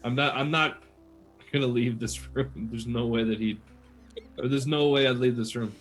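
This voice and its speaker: A man explaining his character's actions as a tabletop player, halting and restarting his sentences. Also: medium pitch, fairly even intonation, soft background music, rough recording.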